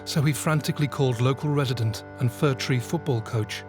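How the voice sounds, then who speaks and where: A man narrating a crime documentary in a measured, grave tone. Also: mid-range voice, music in the background.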